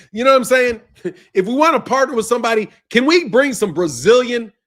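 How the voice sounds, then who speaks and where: Laughing, high-pitched man ranting. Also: expressive, brisk. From United States. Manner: loud, profane, laughs often between lines. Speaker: boxing commentary channel host. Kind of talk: ranting commentary.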